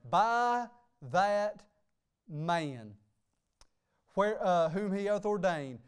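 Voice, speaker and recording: A man's voice: high-pitched, expressive, drawn-out words, clear, resonant tone. A man preaching a sermon as pastor, emphatic and repeating "hey" and "okay" between phrases. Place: church sanctuary.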